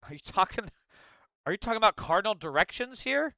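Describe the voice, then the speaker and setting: A man hosting a live political reaction stream, reading chat and reacting in a profane, sarcastic, animated way. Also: high voice, fast talker, dry recording, low-quality recording.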